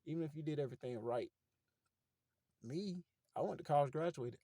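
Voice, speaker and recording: A man, talking straight into his phone from a parked car at night, preaching to his viewers like he's talking to friends. His voice sits a touch high for a man, and the sound is close and dry, with no room around it. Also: brisk, warm tone, no echo. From Fort Pierce, Florida. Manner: preachy, conversational, addresses viewers as y'all. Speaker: motivational vlogger. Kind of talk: casual motivational talk.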